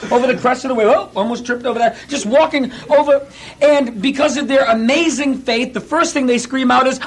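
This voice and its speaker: Man, pastor, sermon, husky, high-pitched, animated storytelling. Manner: animated storytelling, acting out quotes with laughs.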